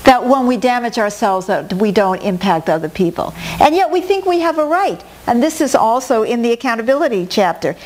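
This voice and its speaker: Middle-aged female teacher, slightly high voice, animated storyteller who voices her examples. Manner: animated, acts out quoted inner voices. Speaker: workshop teacher. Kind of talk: spoken talk on personal growth.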